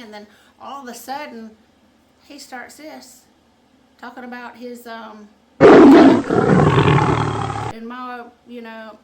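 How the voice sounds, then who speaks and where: A woman hosting her own channel, chatting casually and acting out quotes loudly as she tells a comic story, often laughing. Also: a little high, measured pace, a little hiss or hum. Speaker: channel host. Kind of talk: casual chat.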